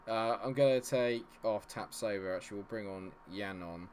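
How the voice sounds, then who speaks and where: A man's voice: lowish voice, fairly even intonation, a little fast, hardly any pauses, darkish tone, slight background noise. A young man streaming a football management game, chatting to viewers and swinging between cheering goals and fretting over results. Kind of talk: live stream commentary.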